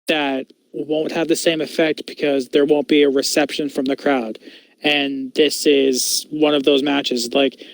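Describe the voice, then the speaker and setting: Podcast cohost guy, kinda high voice, swears a lot, rambly opinions, dry sound. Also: dry recording, low-quality recording. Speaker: podcast co-host. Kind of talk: casual podcast chat.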